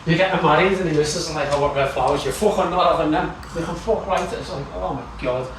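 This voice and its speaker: A man with a Liverpool accent chatting casually about football as a podcast co-host, ranting and swearing with animated laughter. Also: a little high, quick pace, echoey room, slight background noise, low-quality recording.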